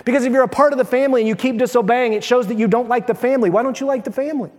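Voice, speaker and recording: A man's voice: very high voice, rapid-fire, long reverb tail. A man preaching a sermon as pastor, reading scripture and telling humorous everyday stories in a conversational way.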